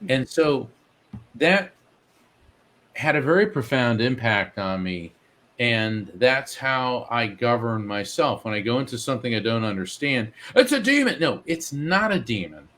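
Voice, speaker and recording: A man as a guest psychic medium, telling a story in an animated way and acting out the voices he quotes. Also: medium pitch, a little slow. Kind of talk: storytelling in an interview.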